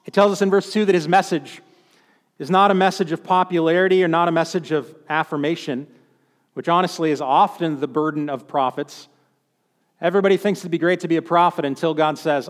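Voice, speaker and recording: A man's voice: on the high side, a little fast, big-room sound. A man preaching a sermon in a conversational, humorous way, acting out quotes as he goes. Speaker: pastor.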